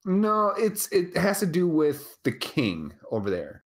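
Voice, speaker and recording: A podcast co-host in casual live chat, rambling and animated, swearing freely over a remote call mic. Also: medium pitch, measured pace.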